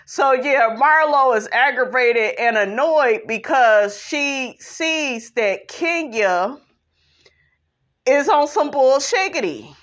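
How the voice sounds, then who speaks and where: A woman's voice: sits high, expressive, slow pace, a bit bright, dull audio. A woman hosting a podcast, giving sassy, emphatic, opinionated commentary and calling listeners honey and child. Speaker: podcast host recapping a reality show.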